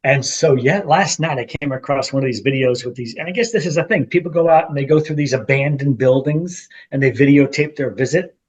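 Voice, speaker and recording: A middle-aged man co-hosting a podcast, telling a story with animated quotes in a casual chat between old friends. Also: mid-range voice, fairly quick, hardly any pauses, breathy edge, dull audio. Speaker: podcast co-host.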